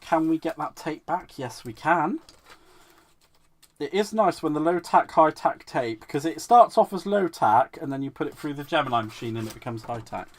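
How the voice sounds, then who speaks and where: A man's voice: a little high, lively intonation, moderate pace. A man hosting a live crafting demo. He is giggly and playful, mocks himself and answers viewers' comments as he works. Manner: giggly, playful, self-mocking, reacts to chat comments. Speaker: crafting livestream host.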